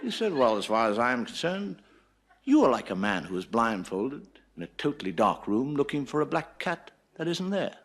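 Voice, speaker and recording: Wry, swooping stand-up comedian. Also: male voice, medium pitch, big pitch swings, moderate pace. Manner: wry, storytelling, swooping delivery. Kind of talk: stand-up monologue.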